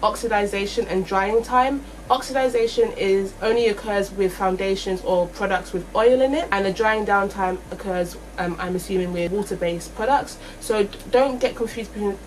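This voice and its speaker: A woman's voice: mid-range voice, moderate pace, hardly any pauses, slight background noise, low-quality recording. A young woman chatting through a makeup review vlog, thinking aloud and correcting herself as she goes. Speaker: beauty vlogger.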